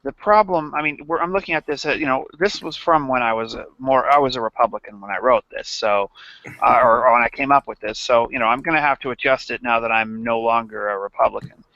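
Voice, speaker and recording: A man hosting a livestream in casual satirical chat, halting and rambling with many restarts. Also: medium pitch, creaky, pushed and bright, dry recording, muffled recording. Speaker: livestream host.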